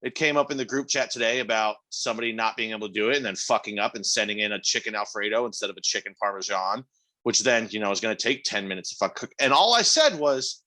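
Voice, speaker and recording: Man, podcast co-host, bright tone, exasperated, venting, casual. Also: fairly low pitch, expressive, quick pace, rough recording. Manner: exasperated, venting about work. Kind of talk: casual chat.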